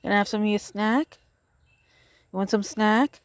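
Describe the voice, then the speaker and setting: Home vlogger, mid-pitched, dry close sound, chats to animals in a cooing way. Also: moderate pace, no echo. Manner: coos and chats to pets and birds. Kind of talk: casual narration while filming. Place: outdoors in a yard. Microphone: phone camera.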